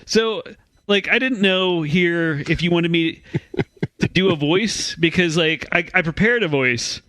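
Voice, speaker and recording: Man, comedy podcast co-host, high voice, dry studio sound, hesitant and self-conscious. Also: unhurried, sharp tone, no room sound, low-quality recording. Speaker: podcast co-host reading news. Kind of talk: comedic news banter.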